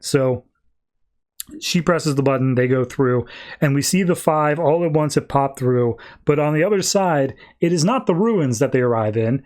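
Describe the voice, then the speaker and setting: A podcast host with a somewhat high voice who retells a plot in a casual, rambling way. He leans on fillers like "like" and drops in quick, offhand paraphrases of what was said. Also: lively intonation, a little mellow. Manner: loose retelling full of "like" and offhand quotes. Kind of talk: casual comics recap.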